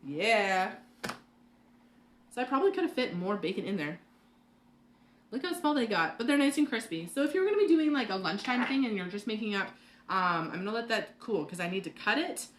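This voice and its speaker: A woman's voice: medium pitch, sing-song, fairly quick, slight background noise. A woman hosting a live cooking class from her home kitchen, chatting and rambling with lots of fillers and laughs. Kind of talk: live cooking demo chat.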